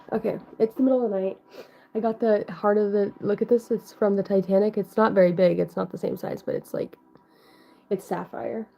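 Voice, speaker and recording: A woman's voice: mid-range voice, warm tone. Young woman, tarot reader on a livestream; loose, rambling, filler-heavy delivery with casual swearing; dull lo-fi audio. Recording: dull lo-fi sound.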